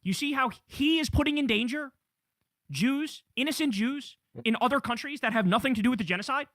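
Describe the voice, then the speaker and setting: A man's voice: very high voice, fairly quick, a bit bright, dry recording, clean studio sound. A man hosting a live political news stream, ranting heatedly and swearing as he reads headlines. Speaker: political show host.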